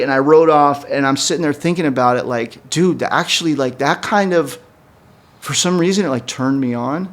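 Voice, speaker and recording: A man co-hosting a podcast, telling a long story in casual, profane chat with many fillers. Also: moderate pace. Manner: animated, jumps up in pitch when quoting people. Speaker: podcast co-host.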